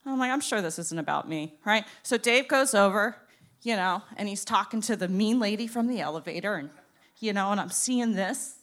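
A young woman from Florida telling a stand-up story, animated and acting out the people she quotes. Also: mid-range voice, fairly quick. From Florida, USA. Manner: animated, acts out both sides of conversations. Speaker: storyteller comedian.

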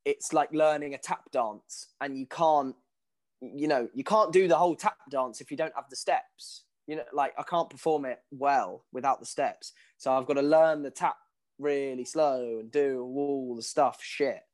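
A man, a stage actor answering audience questions in casual talk, animated and laughing often, speaking in quick bursts with many restarts. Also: medium pitch.

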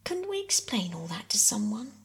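A woman softly voicing an earnest, worried young girl in a whispered role-play reading. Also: medium pitch, sing-song, normal speed, creaky. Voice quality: soft whisper.

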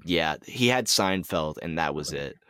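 A man's voice: extremely low pitch, expressive, a little slow, pushed and bright, clear, resonant tone, no echo, clean studio sound. A man co-hosting a podcast, relaying movie news in casual chat, hesitant with lots of ums and restarts. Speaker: podcast co-host.

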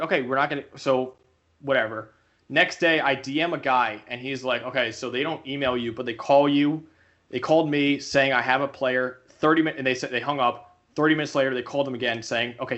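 A man's voice: mid-range voice, a little fast, highs cut off. A young man co-hosting a podcast, telling a story casually and acting out the voices he quotes. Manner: animated, acts out quoted voices. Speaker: podcast co-host.

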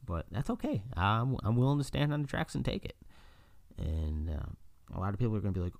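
A man's voice: fairly low pitch, big pitch swings, fairly quick, vocal fry, darkish tone, dry recording. A man hosting a podcast, talking in a casual monologue, telling stories animatedly, acting out other people's voices and laughing often. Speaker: podcast host.

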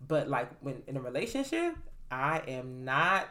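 A woman with a low, deep-set voice and a bright, forceful tone. She tells stories in an animated way in relaxed casual chat and often laughs as she talks. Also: unhurried. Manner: animated storyteller, laughs while talking.

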